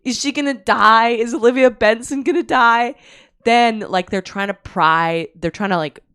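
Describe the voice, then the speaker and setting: A woman's voice: on the high side, a little slow, fairly bright tone, clear, resonant tone, no room sound, studio quality. A woman co-hosting a comedy podcast, telling a story animatedly and laughing often, acting out quotes. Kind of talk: comic storytelling. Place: apartment.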